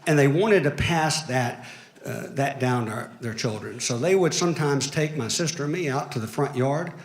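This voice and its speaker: A man from Alabama with a Southern accent performing a deadpan, self-mocking stand-up comedy set on stage. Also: mid-range voice, moderate pace, reverberant. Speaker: lawyer doing stand-up. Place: comedy stage before a live audience.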